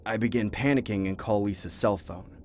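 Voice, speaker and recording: A man narrating a first-person horror story in a measured, scripted way. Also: fairly low pitch, a little mellow, a little hiss or hum. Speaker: narrator and voice actor.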